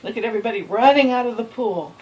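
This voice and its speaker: A woman reading a children's picture book aloud, expressive, with gasps and asides to the listener. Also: on the high side, quick pace, poor audio. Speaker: storybook reader.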